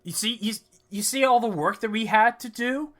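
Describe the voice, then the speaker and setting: A man's voice: high voice, moderate pace, a bit bright, pitched above the performer's own voice. A man doing an exasperated adventurer friend.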